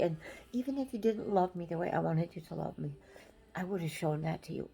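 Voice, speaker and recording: An older woman giving a halting, emotional farewell message, close to tears, with many pauses and restarts. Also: on the low side, warm tone, breathy edge, poor audio.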